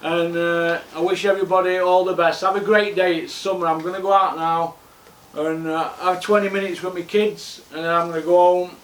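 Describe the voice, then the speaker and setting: A man's voice: high voice, little pitch movement, moderate pace, echoey room, a little hiss or hum. A man hosting a boxing vlog, blunt and scornful, firing off rhetorical questions. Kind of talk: ranting monologue.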